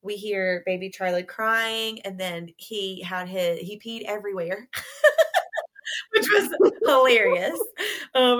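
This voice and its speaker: A woman's voice: mid-range voice, expressive, slow, a bit bright. A young adult woman, a podcast guest telling a story in a casual interview. She talks animatedly and laughs and giggles often.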